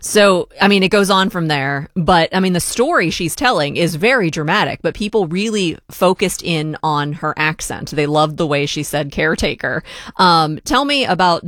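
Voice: mid-range voice, a bit bright, no room sound. Radio host, conversational, dry studio sound, asks follow-ups. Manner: prompting, conversational questions. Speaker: radio interviewer. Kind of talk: interview.

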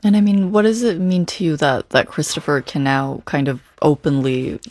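A woman interviewing a guest, asking gentle, encouraging questions with some hesitant phrasing. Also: low-pitched, animated, moderate pace, dry recording.

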